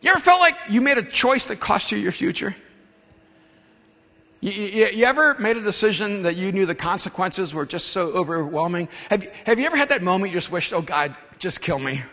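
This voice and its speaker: High-voiced, animated middle-aged man preaching. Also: fairly quick. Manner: animated, swings from hushed to shouting. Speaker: pastor. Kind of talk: sermon with personal storytelling. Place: large church gathering hall. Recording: long reverb of a big hall.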